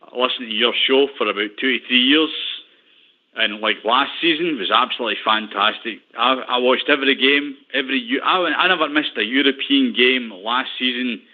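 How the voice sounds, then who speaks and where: A man's voice: mid-range voice, moderate pace. A Scottish man calling in to a radio phone-in show, chatty and repeating himself. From Scotland. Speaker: caller. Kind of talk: phone-in chat. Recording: tinny phone line.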